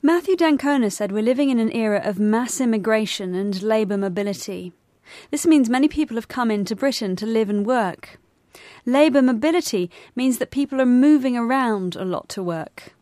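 A woman co-presenting a scripted educational podcast, explaining vocabulary clearly. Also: on the high side, animated, normal speed, dark tone, no echo, clean studio sound.

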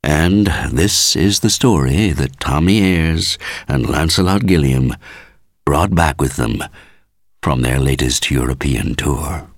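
A man reading a story aloud as scripted narration, measured and expressive. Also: a bass voice, no room sound, clean studio sound. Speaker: audiobook reader.

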